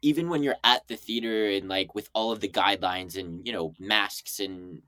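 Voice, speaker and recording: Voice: low voice, normal speed, sharp tone, no room sound. Enthusiastic interviewer on a dry mic. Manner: enthusiastic, gushing reactions. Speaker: interview host. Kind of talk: casual interview chat.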